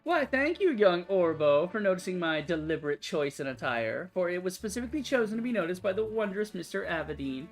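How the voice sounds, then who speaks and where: A woman's voice: fairly low pitch, big pitch swings, a little fast, few pauses, faint music behind. A woman voicing a haughty, lovesick, grandiose woman in a game, reading her lines in a pompous, theatrical manner. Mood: flattered. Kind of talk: game dialogue read aloud.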